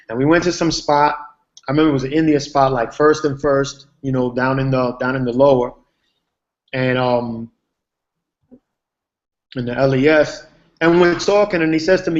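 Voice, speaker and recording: Man, TV writer, casual rambling storyteller, slang and fillers, mid-pitched voice, muffled video call sound. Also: moderate pace, pauses often. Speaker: TV writer, guest. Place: online video hangout.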